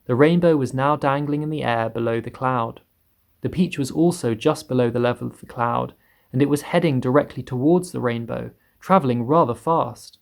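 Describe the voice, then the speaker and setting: A man reading a children's book aloud in steady storytelling, voicing the characters higher. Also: moderate pace, creaky. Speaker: reader.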